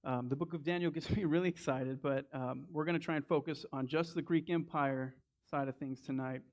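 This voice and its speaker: A man's voice: fairly high pitch, fairly even intonation, fairly quick, a little mellow. A man with a Southern US accent preaching a sermon in a conversational way, restarting and repeating words as he goes. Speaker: lay preacher. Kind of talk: sermon with a personal story.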